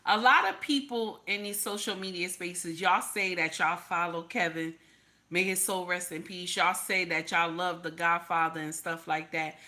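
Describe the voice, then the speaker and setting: A woman's voice: fairly low pitch, steady tone, normal speed, bright, forceful tone. A woman, giving sassy, repetitive livestream commentary and reading viewer comments aloud. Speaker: commentary streamer.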